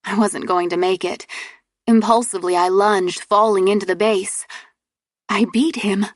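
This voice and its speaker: Lady narrating a first person audiobook, lively, dry close sound. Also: mid-range voice, normal speed, no echo.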